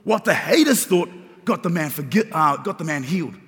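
A man's voice: on the high side, lively intonation, brisk, a bit bright. A man preaching a sermon as pastor, repeating phrases and building emphasis. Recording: long reverb of a large hall.

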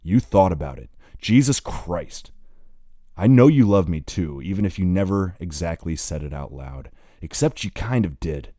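A man's voice: deep voice, lively intonation, normal speed, dry recording. A man reading the lines of an angry, heartbroken young man who has been drinking and swears bitterly. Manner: bitter, swearing, close to shouting.

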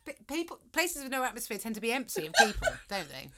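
A sarcastic woman co-hosting a chatty podcast, her pitch leaping all over as she teases. She laughs often. The recording has clear background noise and clicks. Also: very animated, quick pace. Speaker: podcast co-host. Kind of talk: casual chat.

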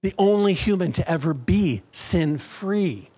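A middle-aged man preaching a lively sermon in a church, drawing call-and-response from the congregation. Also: high-pitched, measured pace, husky. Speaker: pastor.

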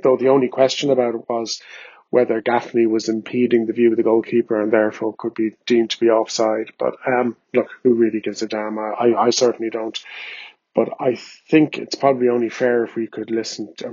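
A man's voice: mid-range voice, a little mellow, breathy edge, dry recording, highs cut off. A man hosting a podcast, chatting casually with offhand asides. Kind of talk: casual chat.

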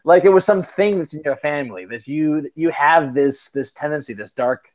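Podcast host, male, slightly higher voice, rambling and self-deprecating, casual swearing. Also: moderate pace. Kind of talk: casual chat.

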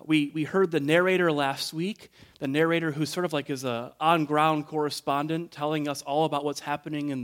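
A man preaching a sermon as pastor, earnest and reflective, often letting his phrases trail off softly. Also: fairly high pitch. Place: church sanctuary.

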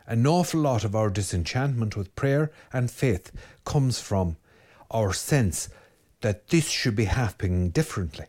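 An Irish man, a Catholic priest, giving a spoken sermon on prayer in an urgent, exhorting way, talking straight to his listeners with quick commands. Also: lowish voice, animated, a little mellow. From Ireland. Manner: urgent, exhorting, direct address with rapid commands.

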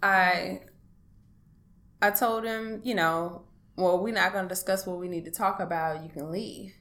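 A woman speaking in an interview, giving a personal account in a halting, hesitant way with many pauses and restarts. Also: on the low side, steady tone, fairly bright tone. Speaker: interview guest.

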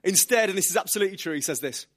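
A man preaching a sermon, telling lively stories with self-deprecating humor. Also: sits high, racing, a little hiss or hum.

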